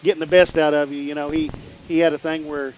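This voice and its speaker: A man's voice: fairly high pitch, little pitch movement, fast, darkish tone, rough recording. A middle-aged man hosting a local sports broadcast, talking in an easygoing, reminiscing way. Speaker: radio sports host. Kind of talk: casual chat. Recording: faint background noise.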